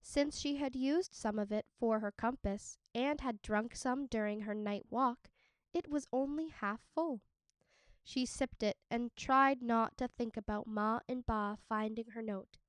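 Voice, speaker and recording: A woman teacher reading a children's novel aloud, in a steady storytelling manner. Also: fairly high pitch, unhurried, clear, resonant tone, no room sound. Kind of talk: audiobook read-aloud narration.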